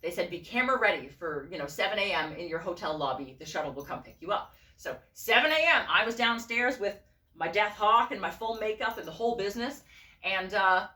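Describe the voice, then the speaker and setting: A woman telling a story in a casual vlog, swearing freely and acting out the voices of the people she quotes. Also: on the low side. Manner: animated, profane, acts out quoted voices. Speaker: vlogger and costume designer. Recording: roomy and a bit distant from the mic.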